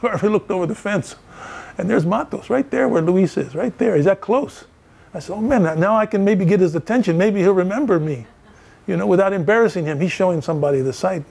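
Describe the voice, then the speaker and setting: An older male professor gives a lecture in a fairly high voice. He tells animated stories and acts out the dialogue in them. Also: vocal fry. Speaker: professor giving a talk. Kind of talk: storytelling lecture.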